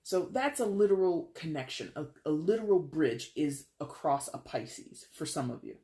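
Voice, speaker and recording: Excitable chatty tarot reader. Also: medium pitch, moderate pace. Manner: excitable, addresses viewer directly, repeats words; casual and chatty with restarts. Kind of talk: tarot reading for viewers.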